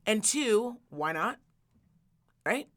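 A woman hosting a podcast, telling stories in a casual, animated way, repeating words for emphasis and swearing freely. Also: on the high side, extremely slow. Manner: animated storytelling, emphatic repetition, profane. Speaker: podcast host. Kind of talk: casual chat.

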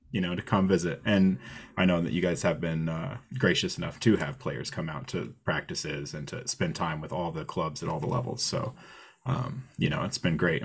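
A man's voice: low voice, a bit bright. A man co-hosting a fan podcast, affable and rambling, with plenty of fillers. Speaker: podcast co-host. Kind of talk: casual interview chat.

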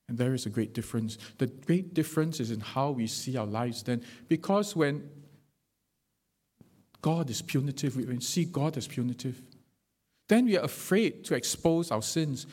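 A man preaching a sermon, swinging between loud emphatic stretches and quiet, low drops.

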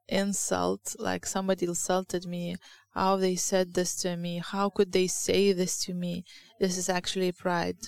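A woman's voice: fairly low pitch, vocal fry, smooth, dry recording. A woman with a Lithuanian accent giving an informal sermon, hesitant and searching for words, reading scripture aloud. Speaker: church speaker.

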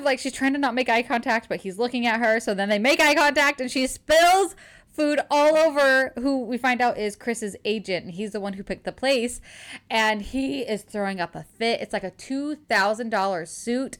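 Her voice sits on the high side as this young woman co-hosts a book podcast, chatting casually through a romance novel recap. She quotes the characters with animation and frequent laughter.

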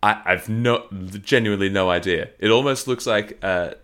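A man co-hosting a podcast in casual comedic chat, playful and quick to laugh. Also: on the low side, a bit bright, clean tone. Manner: playful, laughs often, riffs on jokes. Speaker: podcast co-host.

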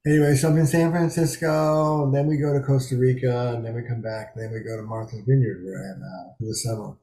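Fast-talking and steady, this man in his seventies has a dark-toned, mid-range voice that echoes around his small bedroom study. He's a psychotherapist guest in a candid interview, speaking frankly and emphatically and swearing freely.

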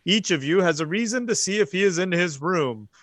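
A man's voice: high voice, animated, fairly quick, fairly bright tone, dry recording. A man running a tabletop game and reading out its setup. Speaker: game master. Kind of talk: reading scenario text.

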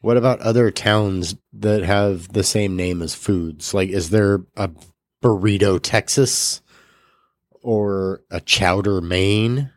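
A man's voice: lowish voice, slow pace, dry recording, clean studio sound. A man co-hosting a podcast in casual chat, easygoing and wondering aloud. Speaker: podcast co-host.

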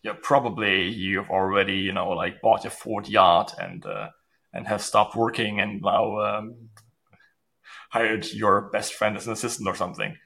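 A man's voice: on the low side, steady tone, unhurried, vocal fry, pushed and bright. A man from Germany hosting a podcast, talking in a chatty, joking way with lots of fillers. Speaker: podcast host. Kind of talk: casual podcast interview.

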